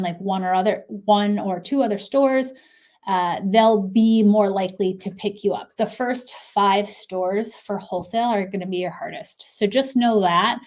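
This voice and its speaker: Woman, 30s, consultant type, mid-pitched, chatty and encouraging, a little breathless. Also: a little mellow. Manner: chatty, encouraging, frequent fillers. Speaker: clothing brand consultant. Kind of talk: casual advice talk to camera.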